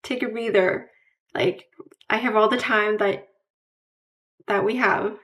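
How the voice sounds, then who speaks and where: A woman talking candidly to camera in a casual vlog. She pauses to search for words, repeats herself and restarts often, and fills the gaps with "like". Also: mid-range voice, fairly even intonation, a bit bright. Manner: searches for words mid-sentence. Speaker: vlogger.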